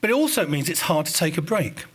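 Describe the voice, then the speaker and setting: A man's voice: a little high, sing-song, fast talker, slight background noise. A man with an Estuary English accent giving an informal conference presentation on research, speaking directly to the audience.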